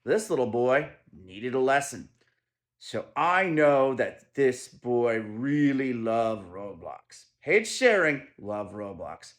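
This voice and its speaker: A man telling a personal story in a casual monologue, animated, dropping to low murmurs and then rising to loud emphasis. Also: takes it slowly.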